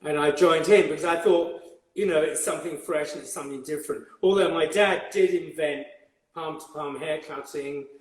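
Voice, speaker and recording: A man's voice: on the high side, fairly even intonation, echoey room, low-quality recording. An older man from England with an old-fashioned upper-class English accent, a hairdresser telling his story as a guest in an interview. He rambles and halts, repeating words often. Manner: rambling and halting, with many repeated words and fillers. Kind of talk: conversational interview.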